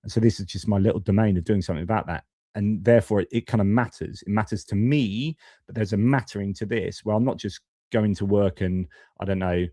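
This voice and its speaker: Man, forties, live-stream commentator, deep mellow voice, plain-spoken and casual, dry sound. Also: no echo. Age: 40s. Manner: blunt, conversational, casual swearing, many restarts and fillers. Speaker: host of a geopolitics live stream.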